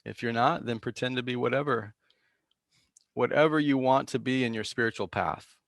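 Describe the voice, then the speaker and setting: A man giving a reflective, self-deprecating dharma talk as a Zen teacher, halting with fillers and restarts and coughing now and then. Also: mid-range voice, creaky, fairly bright tone, dry recording, studio quality.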